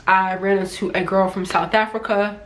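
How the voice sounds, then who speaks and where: A woman's voice: medium pitch, moderate pace. A middle-aged American woman from New Jersey, chatting casually to camera as a travel vlogger and acting out the voices of people she met. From United States, New Jersey. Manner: chatty, animated, acts out quoted voices.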